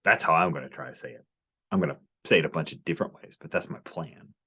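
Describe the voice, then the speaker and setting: A man's voice: sits low, very animated, quick pace, creaky, sharp tone, breathy edge. A man acting as game master of an online tabletop game, eager and enthusiastic.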